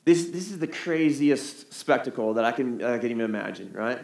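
A man's voice: medium pitch, lively intonation, normal speed, vocal fry, echoey room. A man preaching a sermon in a conversational way, asking the crowd rhetorical questions. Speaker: pastor. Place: church hall.

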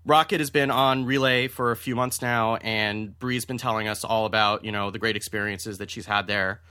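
Bright-voiced man podcast host. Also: lowish voice, steady tone, moderate pace, smooth, no echo, clean studio sound. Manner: joking, self-deprecating. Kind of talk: casual chat and announcement.

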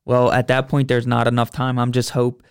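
Man, smooth clear voice, dry sound, casual podcast co-host. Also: mid-range voice, completely flat delivery, normal speed, no echo. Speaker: sports betting podcast co-host. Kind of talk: casual sports betting chat.

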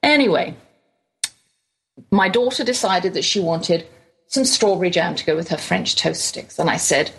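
Gravelly English woman hosting a show. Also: on the low side, moderate pace, pauses often, low-quality recording. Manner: chatty, animated anecdote telling. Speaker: radio show host. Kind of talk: casual storytelling monologue.

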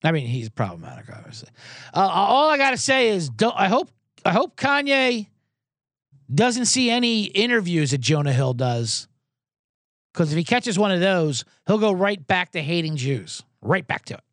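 Male podcast host, high lively voice, sarcastic profane rants, dry close sound. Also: moderate pace, dry recording. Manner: sarcastic, profane, storytelling with acted-out quotes. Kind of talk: comedic rant.

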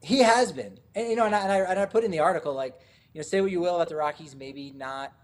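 A man co-hosting a casual sports podcast, talking in a relaxed, rambling way with many fillers and restarts. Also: a little high, fast talker. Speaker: podcast co-host.

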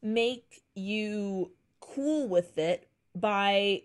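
A woman's voice: mid-range voice, extremely slow, clean tone. Casual woman podcast co-host. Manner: animated retelling with acted-out quotes, swears freely. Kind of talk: casual chat recapping a film.

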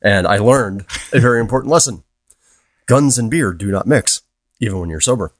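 A man's voice: fairly low pitch, animated, normal speed, no room sound. A man co-hosting a podcast, telling brewing disaster stories and reading listener letters in a dry, wry way. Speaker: podcast co-host.

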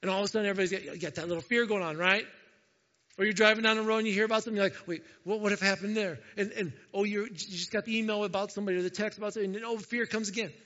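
High-voiced pastor preaching in a reverberant hall. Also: male voice, racing. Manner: conversational, animated, acts out quoted voices. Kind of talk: sermon. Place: church sanctuary. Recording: dull sound with long hall reverb.

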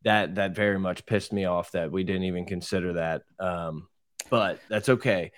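A man's voice: deep voice, steady tone, normal speed, no room sound, clean studio sound. A man co-hosting a podcast, giving opinionated football takes in a rambling casual way. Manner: opinionated, rambling, restarts often. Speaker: podcast co-host. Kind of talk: casual sports chat.

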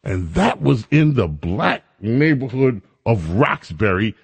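A man's voice: medium pitch, big pitch swings, slow, vocal fry, slightly rough. A man hosting an opinion show, speaking in a sarcastic, mocking and emphatic way. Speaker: commentary host. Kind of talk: opinion commentary.

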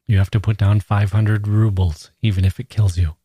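A man's voice: fairly low pitch, steady tone, moderate pace, dark tone, husky, no echo, studio quality. A man playing a sardonic, sickly ranting intellectual. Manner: ironic, declaiming. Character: sickly, sarcastic educated man, ranting and bitter.

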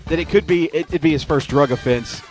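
A man hosting a casual talk radio show, chatty and quick to cut in, repeating words as he jumps in. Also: fairly high pitch, a little mellow, faint music behind.

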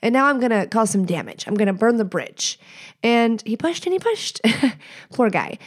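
A woman in her thirties with a fairly high voice and a normal speaking speed hosts a solo podcast. She tells stories in a candid, profane, chatty way, tossing in animated asides as a casual storyteller.

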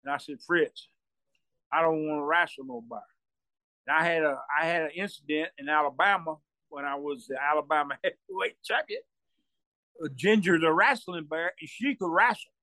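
A man's voice: on the high side, normal speed, no room sound. A man telling a rambling story, repeating himself and laughing as he goes. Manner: acts out quoted voices loudly. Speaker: storyteller guest. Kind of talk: casual storytelling.

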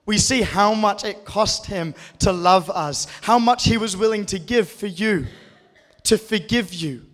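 A man's voice: high-pitched, a little slow, fairly bright tone. A male preacher giving an earnest, reassuring sermon in a conversational way to a church audience. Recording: echoey hall.

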